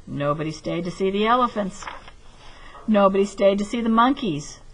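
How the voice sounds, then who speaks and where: A woman teacher reading a picture book aloud to children and then explaining a craft project, clear and patient. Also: medium pitch, expressive, moderate pace, a little hiss or hum, low-quality recording.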